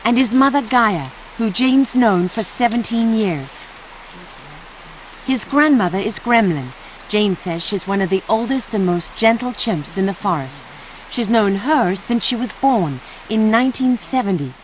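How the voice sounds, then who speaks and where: A woman's voice: medium pitch, animated, unhurried, a little hiss or hum. Woman narrating a TV report. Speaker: TV correspondent. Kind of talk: scripted narration and interview questions.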